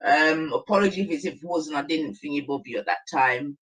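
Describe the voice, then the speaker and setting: A man's voice: fairly high pitch, brisk, fairly bright tone, poor audio. A man chatting casually on a game stream, laid-back and slangy, laughing often.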